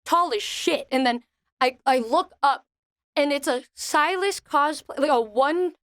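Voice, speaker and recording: A young woman co-hosting a podcast, telling a story in a lively way and acting out quoted lines with squeaky bursts. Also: measured pace, dry recording, studio quality. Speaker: podcast co-host. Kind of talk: casual chat.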